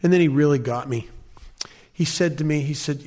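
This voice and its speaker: A man's voice: mid-range voice, moderate pace, darkish tone, breathy edge. A man speaking at a recovery meeting, telling his personal story in an earnest, emphatic way with flashes of wry self-mocking humor.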